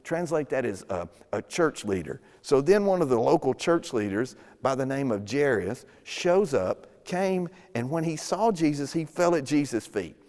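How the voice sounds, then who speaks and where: A man's voice: medium pitch, big pitch swings, moderate pace, few pauses, darkish tone. A man preaching a sermon as pastor, retelling scenes casually and acting out the characters' lines. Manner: casual storytelling with acted-out quotes. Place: church sanctuary. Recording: long hall reverb.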